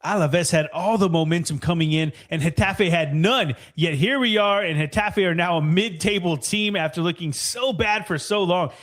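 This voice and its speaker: A man co-hosting a soccer podcast, reviewing matches in an excitable, casual way and swearing freely. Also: high voice, moderate pace, hardly any pauses. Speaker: podcast co-host.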